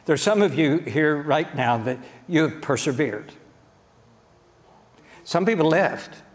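A man's voice: on the high side, expressive, slow. A man preaching a sermon in a church sanctuary, speaking in a folksy, direct way and often checking in with the congregation. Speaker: pastor. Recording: long church-hall reverb.

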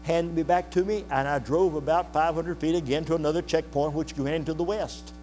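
Older pastor telling a story in an echoing hall. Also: male voice, on the high side, steady tone, brisk, darkish tone. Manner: folksy, earnest storyteller who asks the congregation questions. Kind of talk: sermon storytelling. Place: church sanctuary. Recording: reverberant hall with faint mains hum.

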